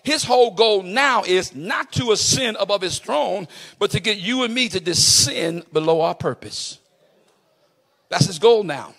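High-pitched gravelly preacher shouting his sermon. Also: animated, unhurried. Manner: impassioned, rising to shouts with a sing-song cadence.

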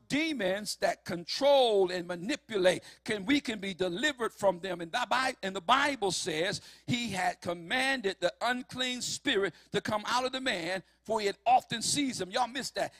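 High-voiced preacher man, emphatic sermon. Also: no room sound. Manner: emphatic, rising to shouts on key lines.

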